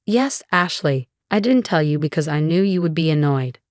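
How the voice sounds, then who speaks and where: Woman reading scornful older mother-in-law, meddling, flat even delivery, dry sound. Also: sits low, normal speed, no room sound.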